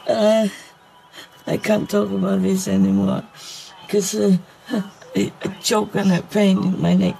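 A woman giving a heartfelt spiritual talk, speaking in a halting, earnest way with many pauses and fillers. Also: mid-range voice, steady tone, gravelly, dark tone, slight background noise, poor audio. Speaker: spiritual teacher.

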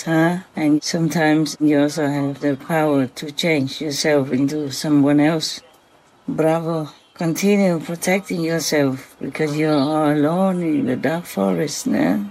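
Woman, unhurried, tender, affectionate, outdoor night talk. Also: sits low, poor audio. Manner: gentle, affectionate, blessing-filled speech. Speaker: vlogger. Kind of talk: soft spoken night-time monologue. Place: outdoors at night near a forest.

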